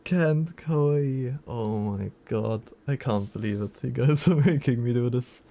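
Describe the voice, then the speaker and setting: A man's voice: mid-range voice, normal speed, vocal fry, warm tone. A man streaming live, chatting casually and reacting to messages from his chat.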